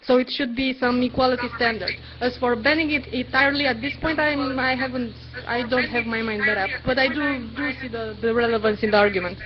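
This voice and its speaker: A woman's voice: on the high side, fairly quick, hardly any pauses. A woman arguing earnestly in an online debate, hesitant and full of fillers. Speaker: debate participant. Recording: lo-fi webcam stream audio with crowd noise.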